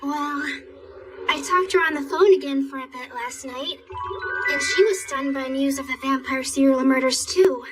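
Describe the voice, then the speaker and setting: An actress voicing a gentle female student who explains things softly, in an anime dub. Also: high voice, normal speed, natural voice. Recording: distant voice with loud music.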